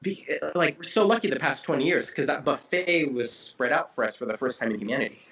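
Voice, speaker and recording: A man in a casual conversation, explaining ideas as a guest teacher in an animated way and acting out tones of voice. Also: mid-range voice, fairly quick. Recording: dull lo-fi audio.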